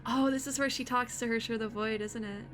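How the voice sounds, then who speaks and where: A young woman giving casual reaction commentary as a VTuber, gushing and excitable, talking to herself as she watches. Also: on the high side, a little fast, music in the background. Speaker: VTuber reacting to an animated short.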